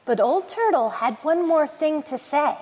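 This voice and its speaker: A woman narrating a storybook, reading in a slow, soothing and expressive way. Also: sits high. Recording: long hall reverb.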